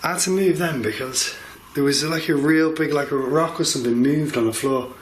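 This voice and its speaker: A man's voice: on the high side, brisk. A man paranormal investigator challenging spirits to show themselves in an old building at night. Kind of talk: ghost-hunting calling out. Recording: echoey room with faint noise.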